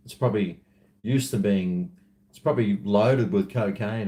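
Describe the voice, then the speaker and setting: A man's voice: mid-range voice, normal speed, a little mellow. A man with an Australian accent chatting casually to camera, rambling and self-mocking as he drifts between asides. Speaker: vlogger.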